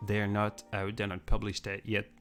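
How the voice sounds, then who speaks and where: The speaker is a French-speaking male livestream host with a lowish, fairly bright voice, a monotone delivery, and a moderate pace. Over faint music he chats casually with viewers, reading their comments and rambling with frequent restarts.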